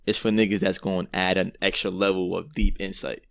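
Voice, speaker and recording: New man, low voice with wide swings, dry close mic; slangy podcast co-host. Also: fairly quick, vocal fry, dry recording. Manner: animated slangy banter, mimics others in high voices. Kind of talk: casual chat.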